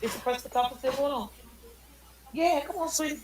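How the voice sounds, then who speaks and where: Brief: woman citizen reporter, emphatic, slightly high-pitched, light background hiss. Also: a little fast, a little mellow, low-quality recording. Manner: emphatic and insistent, voice often raised. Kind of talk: live-streamed street vlog.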